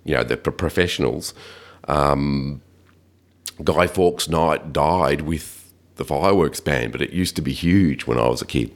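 An Australian man hosting a casual tech podcast, a bit croaky from hay fever, reading slowly and rambling in asides. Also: a bass voice. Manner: slow deliberate intro reading, rambling asides. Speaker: podcast host.

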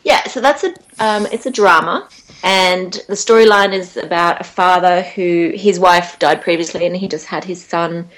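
A woman's voice: on the low side, normal speed. An Australian woman, an actor guest, chatting casually in a radio interview, rambling and laughing easily.

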